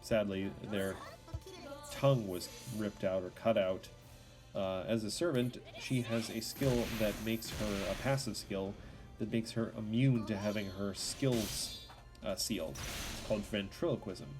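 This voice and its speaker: A man's voice: fairly low pitch, measured pace, over music. A man streaming live gameplay who chats casually, with fillers and self-corrections.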